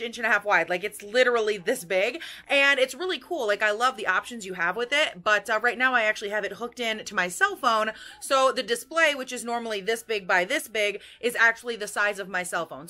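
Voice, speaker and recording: A woman's voice: on the high side, bright, forceful tone. A young woman in her twenties filming a casual baking vlog in her home kitchen, talking to viewers in a goofy, bubbly way with sing-song asides, picked up by a camera propped on the counter. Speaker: vlogger.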